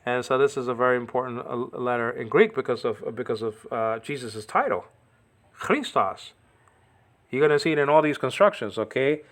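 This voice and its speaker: A man's voice: mid-range voice, moderate pace, a bit bright. Chatty man teaching, saying okay a lot. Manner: peppers speech with "okay" and checks understanding; repeats words while correcting pronunciation. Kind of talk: informal language lesson.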